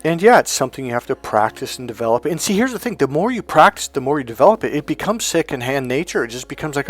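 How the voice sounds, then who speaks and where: A man's voice: mid-range voice, fast talker, hardly any pauses, faint music behind. A middle-aged man, an NLP trainer, giving a casual motivational talk and acting out bits of dialogue as he tells stories. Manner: storytelling, acts out dialogue, animated asides.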